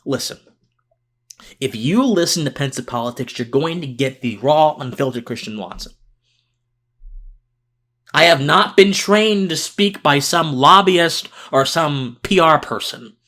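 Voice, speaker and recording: A man's voice: on the high side, lively intonation, a little slow, sharp tone. Tired, earnest male podcast host. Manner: earnest and impassioned, unscripted with restarts. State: mentally tired, talking slower than usual. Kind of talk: political commentary monologue.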